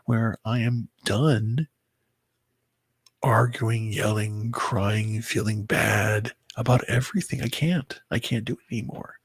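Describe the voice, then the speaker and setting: A very tired man talking to his viewers in a halting personal monologue, often stumbling and restarting his words. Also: medium pitch, gravelly, breathy edge, no room sound. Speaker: vlogger. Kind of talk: rambling personal monologue to camera.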